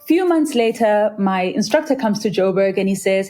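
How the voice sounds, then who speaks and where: A woman's voice: expressive, moderate pace, dark tone. A South African woman, a freediver, telling her story in an earnest, vivid interview, sometimes acting out the voices of others. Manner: earnest and vivid, acts out quoted voices in a higher pitch. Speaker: freediver, guest.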